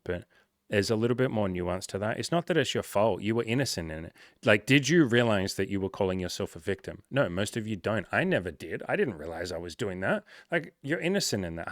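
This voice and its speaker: A man's voice: on the low side, no room sound, studio quality. A man talking as a life coach, giving casual motivational advice in a blunt, direct, often profane way.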